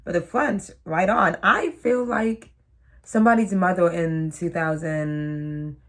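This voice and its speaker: A woman's voice: fairly low pitch, fairly even intonation, slow, a bit bright. A woman in her twenties chatting casually to the camera, rambling and joking at her own expense. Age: 20s. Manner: chatty, self-mocking, trails off into asides. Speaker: vlogger.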